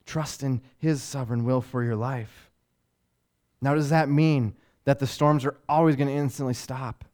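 A man's voice: mid-range voice, steady tone, moderate pace, a little mellow. Male pastor, sermon, earnest, conversational asides, rhetorical questions, mid-range voice. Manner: earnest preaching with rising intensity and rhetorical questions.

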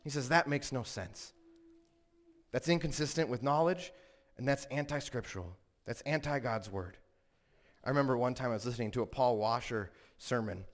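A man preaching a sermon in an earnest way, rising to emphatic peaks and telling stories with quoted voices. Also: medium pitch.

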